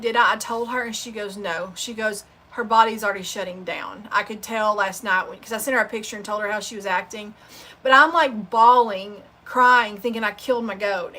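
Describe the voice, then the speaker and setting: Bright and forward, with a slightly high pitch, a woman's voice carries her casual sewing-channel livestream chat. She wanders loosely from point to point, sharing heartfelt stories without polish.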